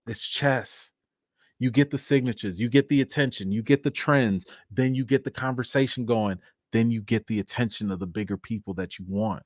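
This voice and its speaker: Brief: male live-stream host, mid-pitched, emphatic and chatty, dry recording. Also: moderate pace, dry recording. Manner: animated, emphatic, talks straight to viewers. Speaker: livestream host. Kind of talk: casual live-stream talk.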